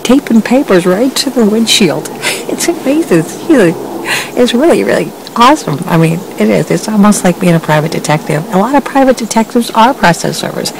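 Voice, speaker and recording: A woman's voice: medium pitch, lively intonation, brisk, vocal fry, distant mic, background noise. A woman who works as a process server, chatting in a rambling vlog style with many fillers and restarts, laughing between sentences. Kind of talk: casual storytelling vlog.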